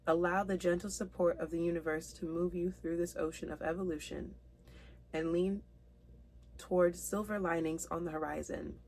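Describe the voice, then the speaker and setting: A woman's voice: on the low side, steady tone, darkish tone. Earnest, emotional woman reading tarot. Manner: earnest, emotional, talks straight to the viewer; reads card meanings aloud slowly. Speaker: tarot reader. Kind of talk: spiritual tarot reading vlog.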